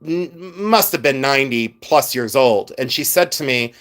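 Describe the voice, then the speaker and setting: Middle-aged male host, live-stream chat, animated and digressive, mid-range voice. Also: mid-range voice, moderate pace. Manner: chatty, animated, rambling with frequent asides. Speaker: jewelry collector hosting a live stream.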